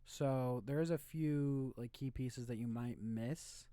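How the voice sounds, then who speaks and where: A man's voice: mid-range voice, slow pace, mellow, no echo. A young man co-hosting a podcast, laid-back and wry, chatting casually. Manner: laid-back, short agreeing replies, wry. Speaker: podcast co-host. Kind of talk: casual chat.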